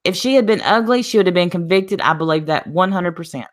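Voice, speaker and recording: A woman panelist in a casual chat over a video call, emphatic and quick to jump in. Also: fairly low pitch, animated. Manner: emphatic, talks over others with restarts.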